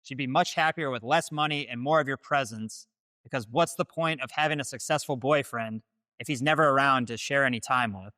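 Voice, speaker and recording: Bright-voiced man giving blunt advice. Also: mid-range voice, a little fast, dry recording, studio quality. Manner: direct, declarative. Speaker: host. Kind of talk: scripted dating-advice commentary.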